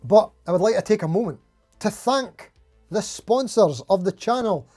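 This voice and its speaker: A man's voice: sits high, animated, normal speed, a little mellow, faint music behind. A man hosting a casual live stream, rambling and laughing at himself as he reads out supporter names.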